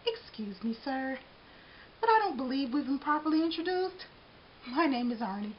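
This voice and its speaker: A woman's voice: high voice, big pitch swings, normal speed, a little hiss or hum, voice pushed up. A woman reading a picture book aloud, voicing a prim, fussy little male doughnut with polite, prissy manners that tip into alarm. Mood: sweetly polite. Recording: dull lo-fi recording.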